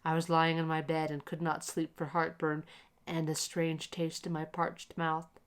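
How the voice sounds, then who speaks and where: Woman reading a story aloud to help you relax, low calm voice. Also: measured pace, smooth. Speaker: narrator.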